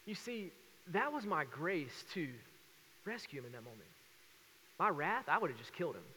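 A man in his thirties preaching a sermon as pastor, telling stories with lively acted-out voices. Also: fairly high pitch, normal speed, long reverb tail, slight background noise. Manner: animated storytelling with acted voices.

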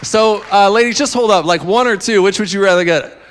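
A man preaching a sermon as pastor, animated and joking as he talks directly to the congregation. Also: high-pitched, brisk, long reverb tail, a faint crowd.

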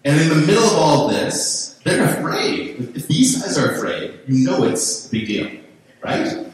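Chatty pastor in an echoey hall. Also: male voice, fairly high pitch, big pitch swings, unhurried, recorded from a distance. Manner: chatty, storytelling, lots of "right?" and "like". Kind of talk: conversational sermon.

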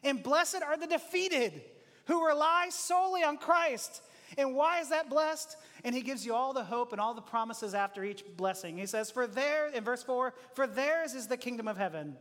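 A man with a very high voice preaches a sermon, and the sound rings with long reverb in a church hall. He talks conversationally and slips into short acted prayers and everyday exchanges, chuckling along the way. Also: moderate pace, fairly bright tone. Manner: conversational, acts out little prayers and dialogues, chuckles often.

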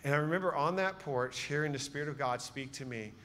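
A man with a fairly high voice preaches to his congregation, turning his sermon into an animated story. He swings between loud bursts and hushed, intimate moments, and long reverb from the hall trails after his words. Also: fast, slight background noise.

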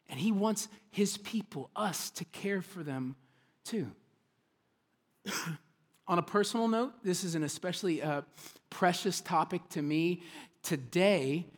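A man with a slightly high voice preaches a sermon as pastor. He swings between hushed, intimate asides and loud, excited preaching.

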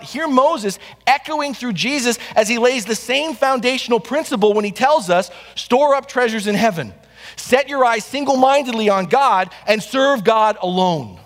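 A man delivers a Sunday sermon from the pulpit in a notably high voice. He leans on repetition and rhetorical questions to press his points. The sound carries the long reverb of a church sanctuary. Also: fairly bright tone. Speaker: pastor.

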